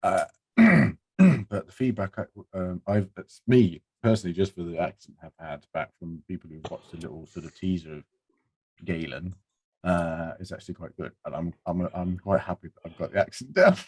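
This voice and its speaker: A man's voice: sits low, normal speed, a little mellow, husky, dry recording. A man who is a voice actor, speaking hesitantly in a casual group chat. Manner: hesitant, many fillers.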